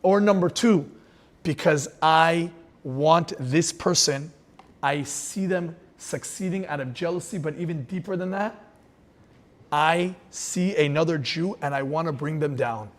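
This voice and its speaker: Male rabbi, fervent sermon, storytelling delivery, Hebrew terms mixed in, fairly high voice. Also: measured pace. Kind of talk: inspirational sermon.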